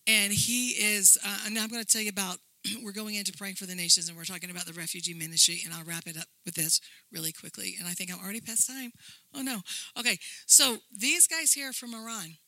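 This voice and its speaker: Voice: medium pitch, steady tone, fast, sharp tone, dry recording, rough recording. A church minister telling a rambling, earnest faith story while presenting slides. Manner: rambling, earnest testimony with frequent restarts. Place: lives in Brussels.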